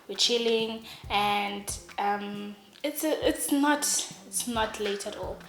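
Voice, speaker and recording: Animated young woman telling a story. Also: mid-range voice, slow, few pauses, a little hiss or hum. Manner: animated, acts out every voice in her story. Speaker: vlogger. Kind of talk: casual comic storytelling. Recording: roomy echo.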